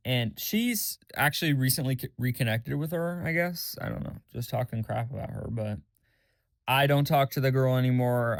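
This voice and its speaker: A man's voice: no echo, studio quality. A young man hosting his own podcast, rambling candidly in a casual journal-style monologue with lots of fillers and swearing. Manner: mimics others in a high mocking voice. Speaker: podcast host.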